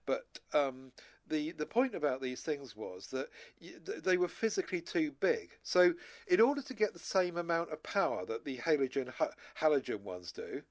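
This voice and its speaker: A man's voice: on the high side, animated, moderate pace. A man co-hosting a casual chat show, rambling and restarting his sentences often. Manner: rambling, many restarts and repeated words. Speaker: podcast co-host.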